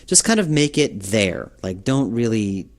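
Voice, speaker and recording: A man's voice: fairly low pitch, very animated, measured pace. A man giving a developer's commentary on his game, talking in a rambling, hesitant way full of fillers. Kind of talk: director's commentary.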